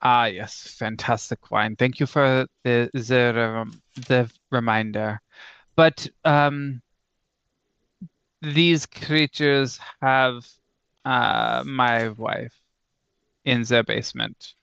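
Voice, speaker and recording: A man voicing a smooth, sinister male tower patron who sips wine, speaking with a halting put-on accent. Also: mid-range voice, steady tone, a bit bright, dry recording, muffled recording, heavily acted. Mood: scheming.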